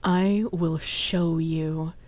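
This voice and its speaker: A woman streamer voicing a cold, menacing villain who speaks in slow, low, deliberate threats. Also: steady tone, darkish tone, dry recording, heavily acted.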